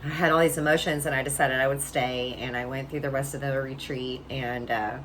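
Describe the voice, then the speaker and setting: A woman's voice: a bass voice, steady tone, brisk, fairly bright tone, a little hiss or hum, low-quality recording. A middle-aged woman vlogger telling a personal story in a chatty way, often laughing and checking in with "right?".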